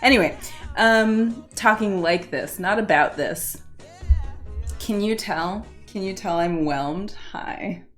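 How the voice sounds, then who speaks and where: Woman streamer, unhurried but flustered and awkward, casual chat over faint background music. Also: medium pitch, a bit bright. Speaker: livestream host.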